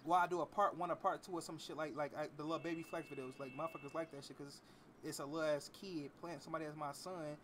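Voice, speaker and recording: A young man streaming a roleplay game, chatting loudly in rambling, slang-heavy talk full of "like"s. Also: fairly high pitch, steady tone, quick pace, background noise. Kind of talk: casual chat while streaming a roleplay game.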